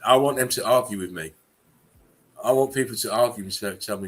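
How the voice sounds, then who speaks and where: A man hosting a casual live-stream chat, often bursting into high laughter. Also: a little fast, a bit bright, slightly rough. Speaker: channel host.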